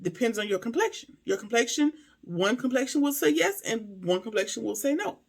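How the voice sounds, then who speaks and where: Gravelly, emphatic TV episode reviewer. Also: medium pitch, lively intonation, a little fast. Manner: emphatic, speaks straight to viewers with rhetorical questions. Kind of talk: casual episode recap and commentary.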